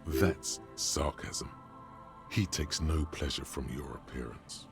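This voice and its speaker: An actor voicing a measured, descriptive narrator in a video game. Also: male voice, a bass voice, husky, exaggerated voice. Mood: solemn. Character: deep omniscient male game narrator. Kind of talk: scripted narration. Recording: game audio over loud music.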